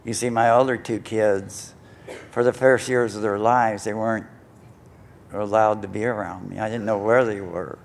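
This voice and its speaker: Low-voiced older man telling his story. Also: steady tone, moderate pace, gravelly. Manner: rambling, self-mocking, many fillers. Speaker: recovery meeting speaker. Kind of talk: personal story talk to an audience. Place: conference hall stage.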